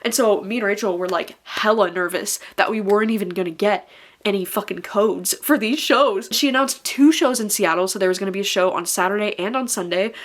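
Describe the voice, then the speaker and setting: A woman's voice: mid-range voice, brisk. A young woman talking casually to camera as a vlogger, chatty, swearing freely and saying "like" constantly. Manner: chatty, swears a lot, many filler "likes".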